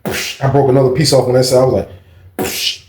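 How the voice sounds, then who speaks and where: A man's voice: mid-range voice, fairly even intonation, fairly quick, darkish tone. A man telling a casual storytime story, slangy and profane, acting out each person's lines. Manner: slangy, profane, acts out every voice. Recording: echoey room, faint ambience.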